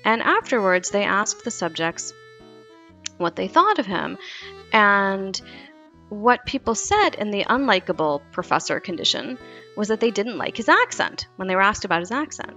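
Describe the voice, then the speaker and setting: A woman, a psychology researcher, explaining experiments in a lively, storytelling way during an interview. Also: medium pitch, moderate pace, soft background music. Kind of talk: interview conversation.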